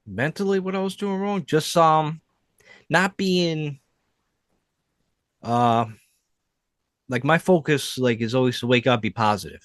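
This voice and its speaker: A man co-hosting a podcast, chatting casually with many fillers and animated asides. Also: medium pitch, normal speed, no echo. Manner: rambling, lots of fillers, animated storytelling. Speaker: podcast co-host. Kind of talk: casual chat.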